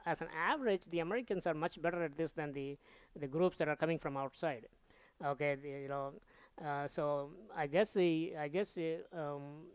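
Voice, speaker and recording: A middle-aged man with an Indian accent, hosting a radio interview and talking in a halting, rambling way with lots of fillers. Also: fairly high pitch, smooth, dry recording. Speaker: radio host.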